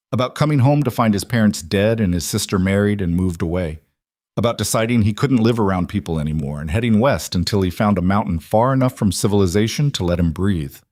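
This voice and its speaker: A man reading a western story aloud in a measured, scripted narration. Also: on the low side, a little mellow, no room sound, clean studio sound.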